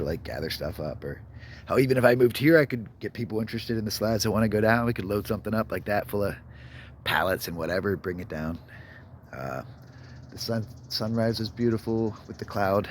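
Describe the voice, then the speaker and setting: A man's voice: fairly low pitch, a little hiss or hum. A man vlogging outdoors, talking casually and reflectively to his phone, sometimes dropping to a near whisper. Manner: rambling, reflective, drops to a near whisper at times. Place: outdoors behind a store at dawn. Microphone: phone held to self.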